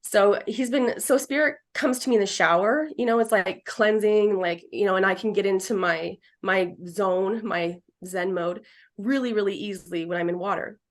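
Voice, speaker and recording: Woman medium, chatty and rambling, mid-pitched, lively delivery with quoted voices. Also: moderate pace. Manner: rambling, animated, acts out quotes. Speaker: psychic medium. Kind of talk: casual chat.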